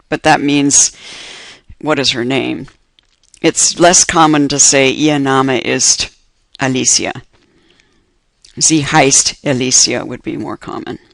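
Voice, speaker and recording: Gravelly, slow-talking German teacher man. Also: fairly high pitch, fairly bright tone, no room sound. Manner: patient, explains step by step and repeats examples. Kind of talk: lecture over slides.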